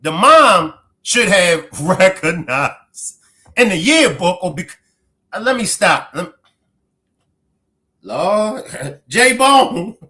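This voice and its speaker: A man's voice: sits high, sing-song, very slow, long pauses, sharp tone. A man streaming live, reacting to a clip, who keeps laughing, exclaiming and breaking off mid-sentence.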